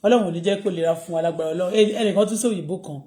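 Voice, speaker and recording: A woman's voice: fairly low pitch, racing, warm tone, rough recording. A woman with a Nigerian Yoruba accent, chatting casually on a live stream and switching between English and Yoruba with chuckling asides. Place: home in Canada.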